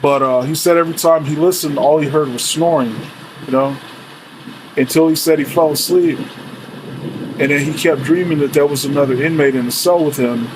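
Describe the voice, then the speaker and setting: A man's voice: on the high side, steady tone, normal speed. A man casually telling a true story from his days as a corrections officer, loose and rambling, full of "you know" fillers and swearing. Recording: faint rain and room noise behind.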